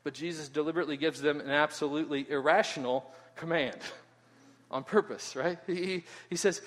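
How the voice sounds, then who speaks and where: A man preaching a sermon in an animated way, often asking "right?" and repeating words as he goes. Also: on the high side, a little fast. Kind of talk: expository sermon. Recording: long hall reverb.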